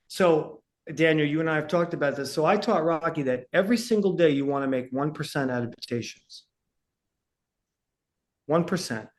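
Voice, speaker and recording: Man, breathing coach, podcast guest, slightly high voice, energetic, explanatory. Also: normal speed. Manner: energetic, explanatory, asks "right?" to check in.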